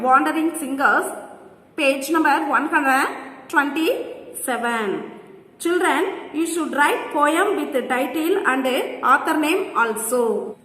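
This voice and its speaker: A woman teacher, reading out textbook exercises to children in slow, careful dictation and repeating each word. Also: high-pitched, a bit bright. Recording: echoey room with long reverb.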